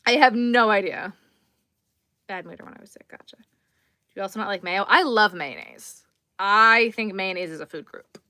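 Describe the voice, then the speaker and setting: In a sharp-toned, mid-range voice at a moderate pace, a woman chats casually on her crochet livestream, reading viewer comments and answering while she crochets. She's easygoing and chatty but a little tired. The studio-quality recording has no room sound.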